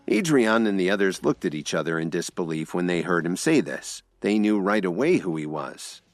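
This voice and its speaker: A man narrating a scripted audio drama with expressive storytelling. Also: sits low, moderate pace, hardly any pauses, dry recording, faint music behind.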